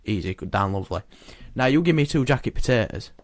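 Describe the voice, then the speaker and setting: A man's voice: on the low side, animated, quick pace, dry recording. A young man co-hosting a podcast, joking and arguing in casual chat with some swearing. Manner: joking, argumentative, swears freely. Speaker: podcast co-host.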